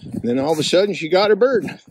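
A man vlogging outdoors on a hunting trip, chatting casually and coaxing his dog along in a fond, high, sing-song voice. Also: animated, fast, slight background noise. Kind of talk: casual outdoor vlog narration. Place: outdoors by a river in the wind.

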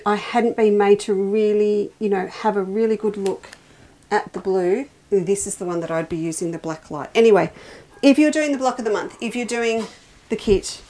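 An enthusiastic middle-aged woman talks through fabrics on a casual quilt shop show. She sounds chatty and excitable, often breaking off mid-thought before picking the sentence back up. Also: mid-range voice. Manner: chatty, enthusiastic, self-interrupting. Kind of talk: casual product show-and-tell.

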